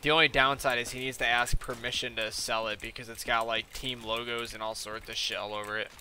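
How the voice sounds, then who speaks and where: A young man talks casually as he plays, his voice very bright and ringing. He rambles, piles on "like", and retells whole conversations in quick back-and-forth. A faint noise sits under the recording. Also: medium pitch, little pitch movement. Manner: rambling, lots of "like" and retold dialogue. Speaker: gaming streamer. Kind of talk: casual chat while gaming.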